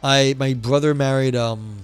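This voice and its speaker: A man's voice: medium pitch, steady tone, unhurried, clean tone, soft background music. A man from New York hosting a livestream, chatting casually and reading aloud, rambling and swearing with many fillers and restarts. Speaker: livestream host reading a book.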